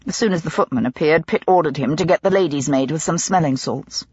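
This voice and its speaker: A woman narrating a mystery audiobook in a dramatic, expressive storytelling manner. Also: low-pitched, a little fast, breathy edge, no echo, lo-fi sound. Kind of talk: scripted narration.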